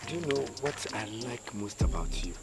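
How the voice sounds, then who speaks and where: A man playing a flattering male French teacher who speaks slowly in a low, crooning voice. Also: lightly acted. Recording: loud music underneath.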